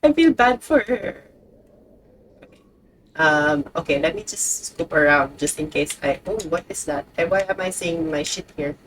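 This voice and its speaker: A woman's voice: sits low, expressive, a little slow, a little hiss or hum, low-quality recording. A woman streamer chatting casually while she plays a game, swearing often and talking to the characters on screen. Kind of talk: casual gameplay commentary.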